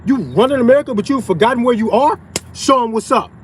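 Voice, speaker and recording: A man's voice: extremely high pitch, lively intonation, quick pace, slight background noise, rough recording. A man ranting profanely on a livestream, outdoors in a parking lot. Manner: profane, heated ranting, conversational slang. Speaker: open carry vlogger.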